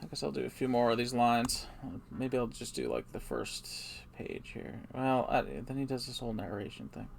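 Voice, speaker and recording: A man's voice: medium pitch, moderate pace, gravelly, a little hiss or hum. A man streaming live, rambling in a hesitant, mumbling, self-deprecating way.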